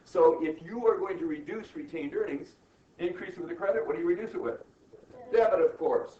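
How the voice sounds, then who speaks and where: A man's voice: fairly high pitch, fairly quick. Middle-aged male lecturer, emphatic, keeps asking "right?", recorded from across an echoey room. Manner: emphatic, peppers questions with "right?" and "okay?". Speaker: accounting instructor. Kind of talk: classroom lecture. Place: classroom. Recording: muffled, roomy classroom recording from far off.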